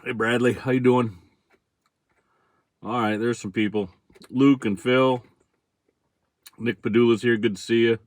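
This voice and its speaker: A man's voice: mid-range voice, measured pace, long pauses, no room sound. A middle-aged man from central Michigan with a Michigan accent, chatting casually on a livestream about his fishing charters. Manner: relaxed, chatty, greets viewers by name, chuckles often.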